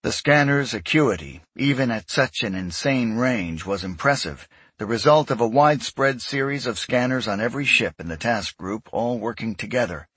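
A man giving scripted narration of a sci-fi story in a measured, even way. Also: mid-range voice, breathy edge, no echo. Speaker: audiobook narrator.

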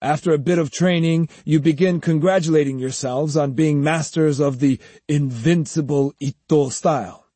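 A man voicing an aging sword master who lectures his students gravely and self-critically, in an audiobook reading. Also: fairly high pitch, moderate pace, hardly any pauses, mellow, no room sound, pitched above the performer's own voice, close to an everyday voice. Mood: stern.

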